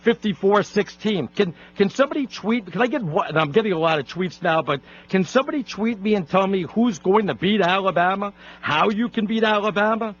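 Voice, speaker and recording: A man hosting a sports radio talk show, ranting in an exasperated, rapid-fire way. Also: high-pitched, animated. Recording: lo-fi radio broadcast.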